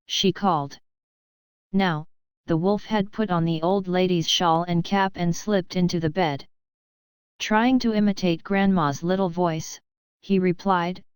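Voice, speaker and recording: Clear low-voiced woman reading a storybook. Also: measured pace, a little mellow, no room sound. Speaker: preschool teacher. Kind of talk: storybook read-aloud for children. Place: at home.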